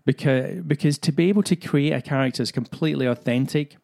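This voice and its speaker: A man's voice: medium pitch, fast talker, vocal fry, dark tone. A man who coaches actors, hosting his own podcast and explaining his craft in an earnest, searching way with many fillers. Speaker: acting coach, podcast host. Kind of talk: solo podcast talk.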